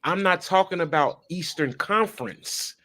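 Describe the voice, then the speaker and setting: A man's voice: high voice, lively intonation, measured pace, pushed and bright. Insistent man in sports banter. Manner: insistent, repeats himself to make a point. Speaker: sports radio co-host.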